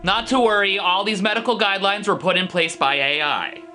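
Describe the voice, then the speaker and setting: A woman voicing a scheming young woman who poses as a dentist, smug and teasing in an animated skit. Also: medium pitch, natural voice. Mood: breezy. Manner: smug, teasing, drawn-out gloating. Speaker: villain. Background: loud music.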